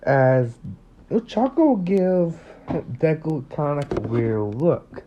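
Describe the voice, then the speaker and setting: Young male storyteller, casual and rambling; slow, mellow, slightly muffled lo-fi audio. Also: fairly high pitch, big pitch swings. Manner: rambling, full of fillers and restarts, chuckles at his own story. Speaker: fan fiction storyteller.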